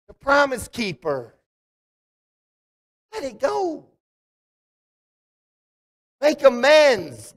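A man's voice: extremely high pitch, fairly bright tone. A man preaching a conversational sermon as pastor, asking the congregation questions. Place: church sanctuary. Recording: long hall reverb.

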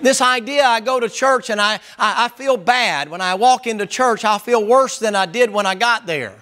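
High, bright-voiced preacher man. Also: normal speed. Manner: loud, emphatic, hollering at times. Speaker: pastor. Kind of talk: sermon.

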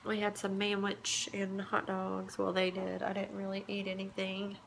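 A woman in her thirties talks softly into her phone camera in a home kitchen, tearful and hushed so she won't wake her sleeping child. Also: mid-range voice, completely flat delivery, normal speed, gravelly, background noise. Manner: soft, hushed to avoid waking a child. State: tearful, close to crying. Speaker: vlogger, mother. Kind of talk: casual vlog.

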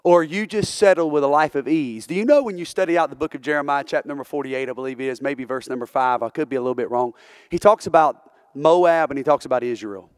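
A man's voice: a little high, quick pace, smooth, dry recording, clean studio sound. A male preacher delivering a sermon in church, earnest and full of rhetorical questions, building into fervent preaching. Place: church sanctuary.

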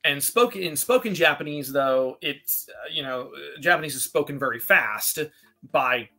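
Man, casual chat, rambling with restarts, bright tone, a bit high. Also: animated, creaky. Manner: rambling, self-interrupting, quick laughs. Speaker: guest kaiju expert.

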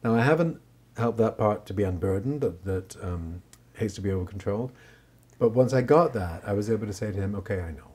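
Speaking as a therapist in an interview, a man answers reflectively in a fairly low, darkish, slightly rough voice at a brisk pace. He frequently checks in by tagging "right?" onto his remarks.

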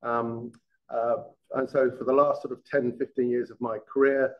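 Here a former police detective from England, middle-aged, lectures a live class in a level, medium-pitched voice at normal speed. He frequently restarts words and checks in with the room, all captured on a muffled recording.

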